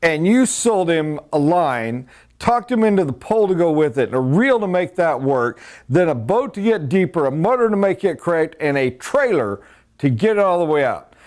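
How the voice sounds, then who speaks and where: A man's voice: a little high, very animated, moderate pace, a little mellow. Man doing an astonished store manager. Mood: incredulous. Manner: astonished questioning. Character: amazed male store manager.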